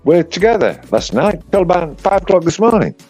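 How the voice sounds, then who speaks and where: A man with a northern English accent hosting a livestream, speaking earnestly in halting, repeated phrases. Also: high voice, big pitch swings, mellow, soft background music. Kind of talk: casual livestream commentary.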